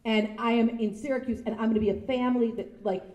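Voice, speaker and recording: A woman telling lively anecdotes as a guest speaker, acting out other people's voices. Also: fairly high pitch, fast talker, lo-fi sound. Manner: animated storytelling, acting out voices with laughter. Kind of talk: anecdotal speech to an audience. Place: large sound stage before an audience. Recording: echoey room.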